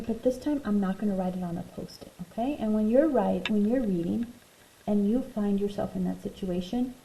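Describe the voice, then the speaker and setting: A woman teacher talks young pupils through a picture book in an expressive way. Her voice is gravelly and mellow. It is heard in a roomy space with faint background noise. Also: mid-range voice. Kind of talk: reading a picture book aloud to children. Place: home room, virtual class recording.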